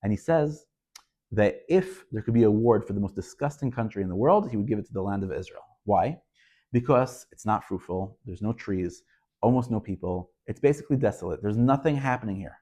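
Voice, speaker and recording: A man's voice: lowish voice, lively intonation, fairly quick, dark tone. A man, a rabbi, teaching a Torah lesson, speaking emphatically and pressing rhetorical questions as he tells stories. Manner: storytelling delivery.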